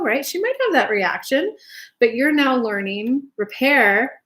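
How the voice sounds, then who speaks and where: A woman's voice: on the high side, expressive, measured pace, fairly bright tone. A woman giving casual spiritual relationship advice, chatty and loose, cursing now and then and acting out little dialogues. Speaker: spiritual advice channel host.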